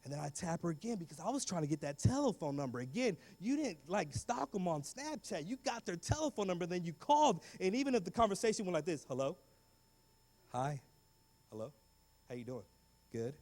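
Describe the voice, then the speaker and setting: A man's voice: high-pitched, fast, few pauses. A young man giving a comedic guest talk to students, acting out scenes and slipping in Spanish words. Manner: animated, acts out every character, drops Spanish words. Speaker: guest speaker. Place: large school hall.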